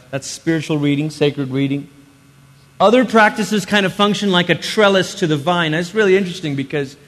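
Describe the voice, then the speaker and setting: A man preaches in an easy, conversational way, slipping into quick acted-out inner voices as he teaches. His voice sits a little high for a man. The sound carries a long reverb from a large hall. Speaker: pastor. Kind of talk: sermon.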